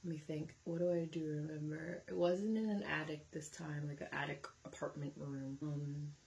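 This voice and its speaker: A young woman with a slightly low voice tells a story in a loose, casual way. She is frank and chatty, and she swears often. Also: gravelly, darkish tone. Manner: candid and chatty, swears freely. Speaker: vlogger.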